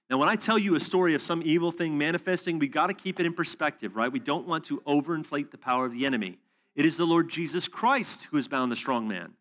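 A man preaching at a conference session, telling a story in an animated way and acting out both sides of a conversation. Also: a little high. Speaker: conference speaker. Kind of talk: storytelling sermon. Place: church hall or conference room.

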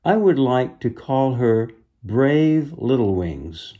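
A man voicing a huge, gentle male island beast in a storybook, speaking slowly and formally with a gravelly voice. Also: mid-range voice, very animated, dull audio. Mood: solemn. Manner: slow, formal old-fashioned speech. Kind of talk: storybook read-aloud.

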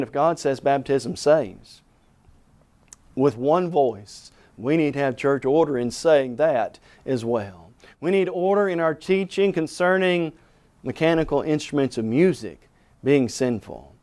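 A male preacher delivering a broadcast sermon in a somewhat high voice. He talks emphatically, quotes scripture and drives his points home with pointed rhetorical questions. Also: a little mellow, clean tone. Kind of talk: televised sermon.

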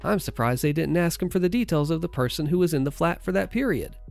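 A man voicing a calm, reasonable father in a story reading, measured and explanatory. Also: on the high side, gravelly, faint music behind.

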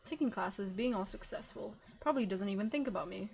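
A woman's voice: medium pitch, fairly quick, creaky, a little mellow, slight background noise, close to an everyday voice. A woman voicing an anxious, self-deprecating young woman who mutters in a mopey, sarcastic way. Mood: sulky.

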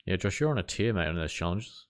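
Man, New Zealand accent, low-pitched, relaxed streaming chatter, reacting to gameplay. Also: fast. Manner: chatty, reacts to play and reads out viewer messages. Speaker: gaming streamer. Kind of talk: casual live-stream chat over gameplay.

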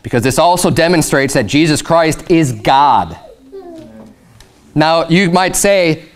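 A male pastor preaching a conversational sermon, emphatic and explanatory, slowing down to read scripture. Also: fairly high pitch, animated.

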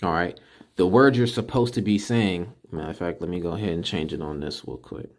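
Brief: low, gravelly male teacher, unhurried, drills syllables over and over in a casual screen-recorded lesson. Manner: slow, repeats syllables to drill them. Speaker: religious teacher. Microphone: computer mic while screen recording.

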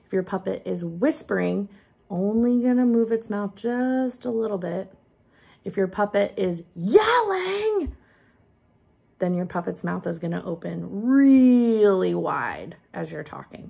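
Gravelly-voiced woman teaching a kids' craft lesson. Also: medium pitch, very animated, unhurried. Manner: gentle, instructive, hands-on demonstrating. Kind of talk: craft lesson for young children.

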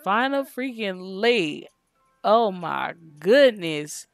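Slow, chatty woman gaming host. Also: mid-range voice, expressive, dry recording, soft background music. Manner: chatty, slangy, breaks into sing-song. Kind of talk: casual gameplay commentary.

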